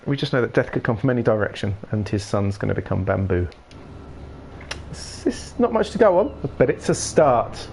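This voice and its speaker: A man chats through a game in a playful, rambling way and keeps joking as he goes. His pitch moves a lot, with a faint hiss in the background. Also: sing-song, normal speed, gravelly, a little mellow. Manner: playful, jokey, rambling asides. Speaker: gaming streamer. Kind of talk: casual game commentary.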